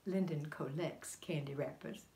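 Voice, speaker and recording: A woman doing an impression of a genteel older Southern First Lady, with a Southern US accent and a slow, drawling, folksy manner. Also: low-pitched, dark tone, echoey room, distant mic, pitched below the performer's own voice.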